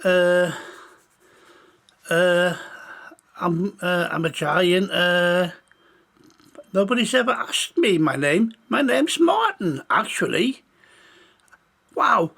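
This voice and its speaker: A man voicing a lonely, gentle giant who speaks hesitantly. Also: high voice, gravelly, husky, exaggerated voice. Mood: shy. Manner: hesitant, halting.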